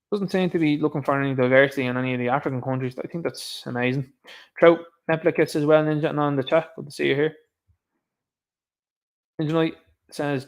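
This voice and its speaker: A young Irish man hosting a casual live stream, reading out chat comments in a chatty, rambling way and laughing often. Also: medium pitch. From Ireland.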